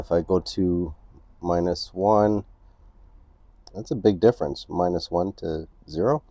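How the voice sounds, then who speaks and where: The host of a photography channel, a man with a deep, warm voice, gives a casual camera tutorial at home beside a couch. He goes step by step, checking in with the viewer by asking "right?". There's no echo.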